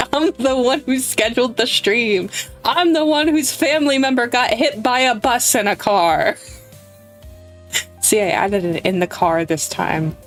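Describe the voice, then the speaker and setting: A young woman streamer with a playful, giggly manner, chatting to her viewers and reading the game's dialogue aloud. She talks at an unhurried, drawn-out pace, sometimes slipping into voices for the characters. Soft game music plays faintly behind her. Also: a little high. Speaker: streamer playing a visual novel. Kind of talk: casual live-stream chat and reading game text aloud.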